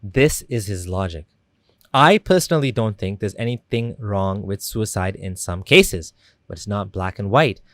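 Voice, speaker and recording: A man's voice: lowish voice, animated, measured pace, dry recording. Man narrating a critical commentary. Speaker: YouTube commentator.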